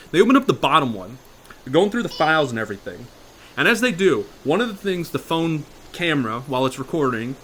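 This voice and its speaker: A man improvising a horror story in a casual, profane way, dropping to a hush and then getting loud. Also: a little high, slight background noise. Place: virtual reality chat room.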